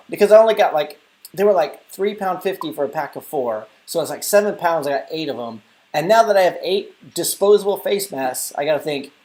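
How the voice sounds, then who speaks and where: A man's voice: fairly high pitch, darkish tone. Young guy rambling on his live stream, chatty, replying to chat. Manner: chatty, rambling, answers viewer comments. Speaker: live stream host and app developer.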